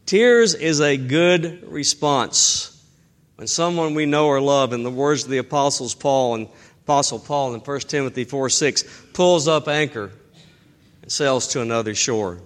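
A middle-aged man preaching a sermon as pastor, emphatic and slowing down to stress key phrases. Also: medium pitch.

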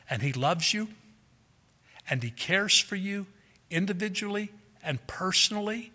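Earnest high-voiced man preaching, hall reverb. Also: sharp tone. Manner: earnest, repeats words, acts out quotes with raised voice. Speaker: pastor. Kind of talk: sermon.

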